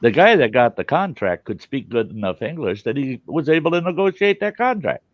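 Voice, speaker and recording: A man's voice: mid-range voice, sing-song, fairly quick, no room sound. A man hosting a podcast, telling stories bluntly with plenty of profanity in casual chat. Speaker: podcast host. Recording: dull, dry lo-fi audio.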